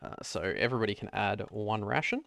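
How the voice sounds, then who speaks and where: A man running a tabletop game as game master, narrating in a relaxed, easygoing way with filler words. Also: on the low side, a little fast, gravelly, no echo, clean studio sound.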